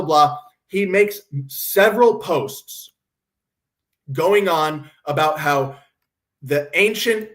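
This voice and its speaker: A man hosting a commentary stream, ranting sarcastically and mocking others in put-on quotes. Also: sits high. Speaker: podcast host.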